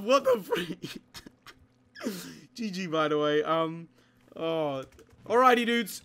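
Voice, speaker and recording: A young man giving excitable live commentary on his game, often laughing and shouting during fights, with keyboard typing behind him. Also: sits high. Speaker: gaming YouTuber.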